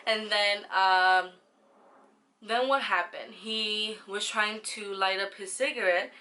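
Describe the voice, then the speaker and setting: A young woman tells a personal story to her viewers in a casual vlog. Her voice is bright and forward. She rambles, slips into slang and swears now and then. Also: mid-range voice, fairly even intonation, slow pace. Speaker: vlogger.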